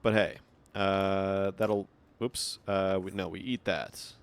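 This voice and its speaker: A man's voice: low-pitched, steady tone, takes it slowly, smooth. A man streaming a game, chatting casually and reading in-game notes aloud in a rambling way. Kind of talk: casual gameplay commentary.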